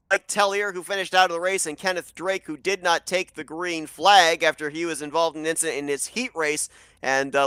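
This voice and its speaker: A man hosting a race broadcast as lead commentator, excitable and breathless as he runs down the results. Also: high voice, clean tone, no room sound. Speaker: lead sim racing commentator.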